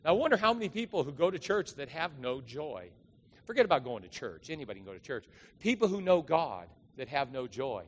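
A man's voice: a little high, sing-song, fairly quick, long reverb tail, a little hiss or hum. A man, a pastor giving a conversational, storytelling sermon to his congregation. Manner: conversational, storytelling, emphatic rises. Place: church.

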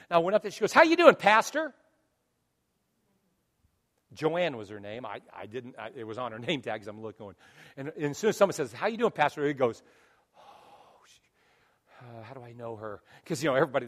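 A man's voice: medium pitch, big-room sound. A man preaching a sermon as pastor, telling stories animatedly and acting out both sides of conversations. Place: church sanctuary.

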